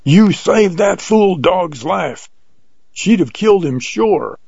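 A man voicing a gruff old plainsman hunter who booms and shouts his commands, on a dull lo-fi recording. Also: takes it slowly, dry recording, exaggerated voice. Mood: jubilant. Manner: booming, excited shouts.

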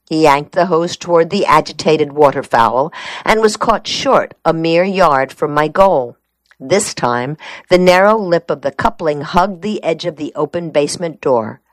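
A woman with a notably low voice reads a first-person memoir aloud. Her delivery is wry and dry, like a steady audiobook narration. The recording is close and dead, with no room echo.

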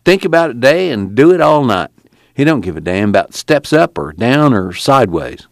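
A man's voice: mid-range voice, sing-song, normal speed, no echo, clean studio sound, voice pushed up. A man doing a blunt young farmhand. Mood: weary. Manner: rural drawl, blunt.

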